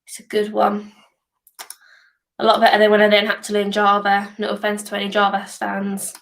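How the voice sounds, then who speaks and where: A young woman from northeast England with a softened Geordie accent and a sore throat, chatting casually as host of a hackathon livestream Q&A. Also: mid-range voice, completely flat delivery, normal speed. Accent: softened Geordie, somewhat posh. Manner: chatty, reads questions aloud, hums while waiting.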